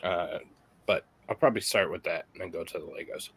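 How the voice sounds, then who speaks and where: A man's voice: low-pitched, a little fast, husky. A man hosting a casual evening build-and-chat, joking and teasing his friends. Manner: jokey, teasing, swears casually. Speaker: host.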